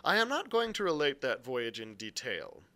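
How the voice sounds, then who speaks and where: Bright-voiced male storyteller reading aloud. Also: mid-range voice, moderate pace. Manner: expressive storytelling with occasional slips and self-corrections. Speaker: library reader. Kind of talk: reading a novel aloud on a live show.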